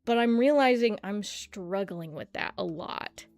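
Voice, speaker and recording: A woman streamer chatting casually and rambling about practicing a deeper voice, self-deprecating and swearing freely. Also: expressive, measured pace, vocal fry, a little mellow. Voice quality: slight lisp-like clicking from a tongue piercing. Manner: experimenting with pitching her voice deeper. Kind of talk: casual livestream chat.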